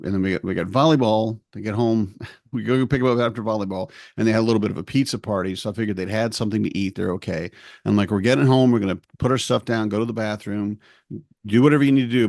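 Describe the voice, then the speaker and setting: A middle-aged podcast co-host rambles through a family story in casual chat, acting out what each person said. His voice is fairly low and darkish with vocal fry, captured in clean studio sound with no room noise.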